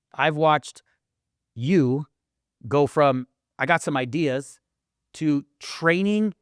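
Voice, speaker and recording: A fired-up man talking on a podcast, his voice sitting a touch high for a man. He is emphatic and pumped, now and then jumping up to a shout. The sound is dry and close. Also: no room sound. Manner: hyped, emphatic, bursts into shouting. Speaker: podcast co-host. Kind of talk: casual podcast chat.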